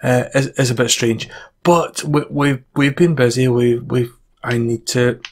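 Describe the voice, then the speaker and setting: A man's voice: mid-range voice, fairly even intonation, measured pace, slight background noise. A man hosting his own gaming channel, talking casually over his gameplay in a rambling way and often tripping over his words.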